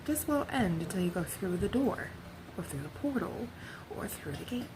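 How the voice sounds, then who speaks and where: A woman giving a rambling spiritual monologue for her vlog. She speaks in a meandering, reflective way and often drops into soft whispers. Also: fairly low pitch, big pitch swings, moderate pace, background noise. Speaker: vlogger sharing spiritual channeling.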